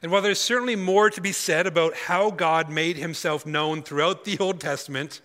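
A man giving a sermon as a guest speaker at a conference, reading scripture aloud with emphatic pauses. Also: on the high side, sharp tone, big-room sound. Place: conference hall.

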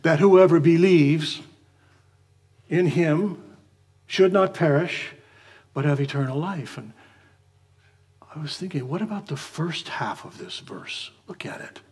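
A man preaching a morning sermon in a measured way, slowing down when he reads scripture aloud. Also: on the high side, a little mellow, breathy edge. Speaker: pastor.

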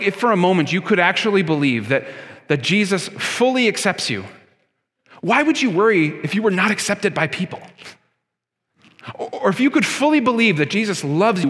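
A man's voice: on the high side, fairly bright tone, in a large hall. A man preaching a sermon as pastor, earnest and emphatic, driving his points home with rhetorical questions.

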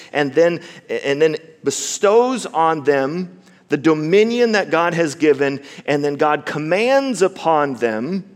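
A man preaching a sermon with emphasis, slowing down to stress key words and repeating himself as he builds a point. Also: fairly high pitch. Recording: long reverb of a large hall.

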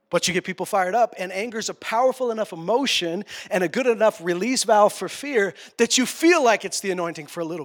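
A male pastor preaching a sermon, passionate, swinging between quiet, tender passages and loud, urgent ones. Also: sits high.

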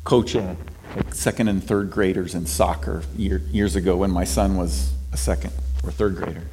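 A middle-aged man preaching a conversational sermon as pastor. He moves between soft, quiet passages and emphatic ones, and often repeats words as he restarts. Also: deep voice, fairly even intonation, normal speed, noisy background. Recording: long reverb of a large hall.

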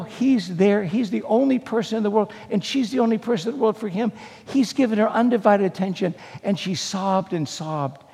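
An older male pastor delivers a sermon with dramatic storytelling, his voice high for a man and gravelly at the edges. He swings from forceful passages to hushed ones, and a long reverb trails his words through the hall.

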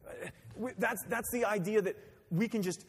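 A man's voice: sits high, normal speed, breathy edge. A man pastor preaching a sermon in a conversational way, with rhetorical questions and acted-out quotes. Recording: long hall reverb.

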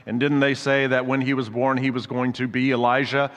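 A man's voice: medium pitch, level tone, brisk, fairly bright tone, highs cut off. Man preaching in a reverberant hall. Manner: conversational, explains scripture with asides. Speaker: pastor. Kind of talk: sermon.

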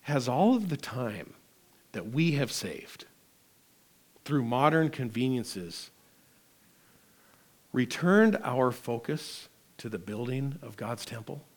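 A male pastor preaching a sermon, emphatic and dramatic, swinging between loud declarations and quiet asides. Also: mid-range voice, animated, takes it slowly, long pauses.

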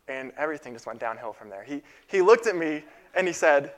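A young man in his twenties preaching a sermon in a casual, halting way, with fillers and repeated phrases. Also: a little high, very animated.

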